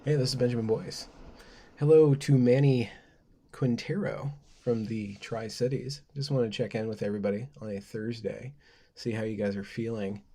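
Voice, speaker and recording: A man's voice: mid-range voice, fairly even intonation, moderate pace, dark tone. A man hosting a casual livestream, rambling playfully, reading word lists aloud and laughing at his own asides. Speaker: livestream host.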